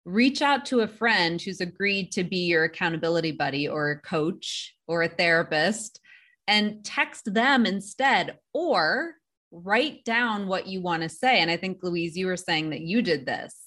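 Calm, low-voiced woman therapist giving advice. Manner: calm, measured, instructive. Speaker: therapist and podcast co-host. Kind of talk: advice-giving podcast talk.

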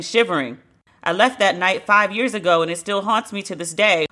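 A woman hosting a solo podcast, talking bluntly and sarcastically with plenty of cussing. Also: lowish voice. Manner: blunt, sarcastic, animated, cusses freely. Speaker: podcast host. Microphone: studio podcast microphone.

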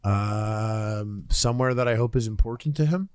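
A man's voice: on the low side, a little mellow, smooth, no echo, studio quality. Rambling young male podcast co-host. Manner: quick, teasing, rambling explanations. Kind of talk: casual podcast banter.

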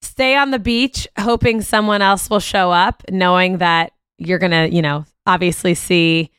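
A woman's voice: on the low side, steady tone, a little slow, a bit bright, clean tone, no room sound, clean studio sound. A woman co-hosting a podcast in casual chat about a reality dating show, giving short agreements and blunt opinions. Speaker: podcast co-host.

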